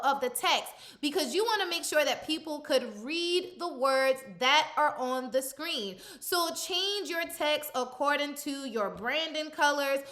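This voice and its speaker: A young adult woman, a content coach, walks viewers through a screen-recorded editing tutorial in a chatty, step-by-step way, often pausing with "um" and "uh". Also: high-pitched, bright, forceful tone. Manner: chatty, step-by-step instruction with frequent fillers.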